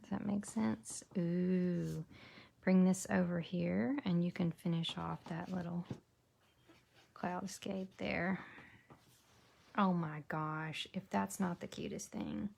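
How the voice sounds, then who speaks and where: Slow gravelly woman teaching crafts. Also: lowish voice, fairly even intonation, darkish tone. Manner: chatty, thinks aloud while working, drops to a whisper while concentrating. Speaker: papercraft demonstrator. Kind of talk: casual crafting tutorial.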